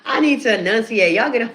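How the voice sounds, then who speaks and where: A comedian hosts a phone live stream, chatting casually with her viewers, calling them honey and laughing often. Her voice is lowish with a fairly bright tone.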